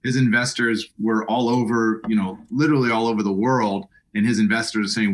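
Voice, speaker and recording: Speaking briskly and with hardly any pauses, a middle-aged man who works as an apartment broker chats as an interview guest in a lowish voice with fairly even intonation. As he relates his story, he frequently starts over and repeats himself.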